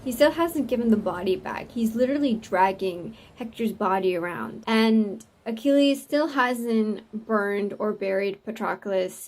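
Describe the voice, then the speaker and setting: A woman's voice: mid-range voice, darkish tone. A young woman talking casually about a book she is reading, emotional, swearing and saying "like" a lot. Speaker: book vlogger. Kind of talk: casual chat. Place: dim room at home.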